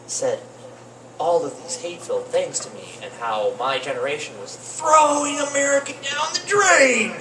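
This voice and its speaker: A young man doing rambling open-mic stand-up comedy in a cafe, with deadpan asides. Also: fairly high pitch. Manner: rambling, deadpan asides, lively swings into mock voices. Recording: roomy cafe with faint noise, distant mic.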